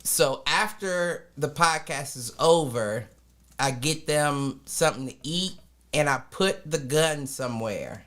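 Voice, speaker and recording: A man in his thirties tells a story on a casual podcast. His voice sits a bit high and sounds bright and forceful. He talks loosely and swears freely. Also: animated, slow. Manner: storytelling with profanity and laughs. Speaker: podcast co-host.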